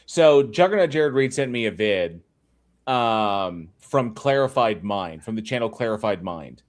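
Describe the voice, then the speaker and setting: A man's voice: on the low side, animated, a little slow. A man hosting a casual livestream, upbeat and greeting viewers in the chat by name. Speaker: livestream host.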